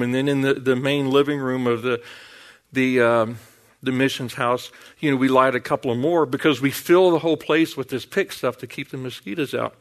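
A man's voice: mid-range voice, a bit bright. A middle-aged man preaching a sermon in a folksy storytelling way, calling out "Amen?" and "Hallelujah.". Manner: storytelling, folksy, with 'Amen?' and 'Hallelujah'.

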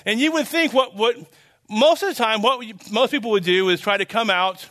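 A man's voice: high voice, a little fast, bright, forceful tone. A man preaching a conversational sermon, earnest and rambling, full of restarts and fillers, building to emphatic declarations. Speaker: pastor.

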